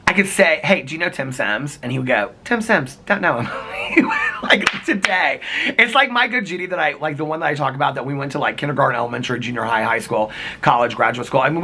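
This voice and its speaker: A middle-aged man talks to his camera in a loose, rambling way, laughing often as he acts out favorite movie quotes. His voice is bright and forward. A faint hiss sits under it. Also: mid-range voice. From United States. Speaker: vlogger. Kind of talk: casual chat.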